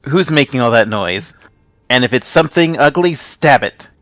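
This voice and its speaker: A man's voice: medium pitch, animated, normal speed, fairly bright tone, dry recording, close to an everyday voice. A man voicing a small, boastful reptilian boss with a scaly voice who brags and barks orders. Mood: bossy. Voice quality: scaly, hissing voice.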